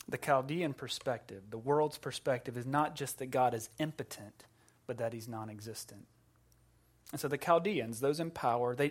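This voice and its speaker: Dynamic male preacher, hushed to booming. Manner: dynamic preaching, swinging from hushed to loud and emphatic; humorous asides. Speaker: pastor. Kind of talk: sermon.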